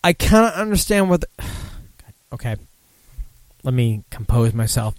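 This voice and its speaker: A man's voice: medium pitch, big pitch swings, a little fast, dry recording. A drunk man hosting a casual beer talk show, rambling, swearing and losing his thread. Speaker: podcast host.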